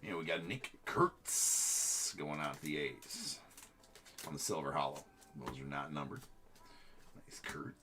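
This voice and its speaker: A man hosts a live-streamed trading card break, commenting on each card as it comes up and chatting with viewers, using frequent filler words. His voice is a rumbling low with a sharp tone, and he speaks unhurriedly with long pauses.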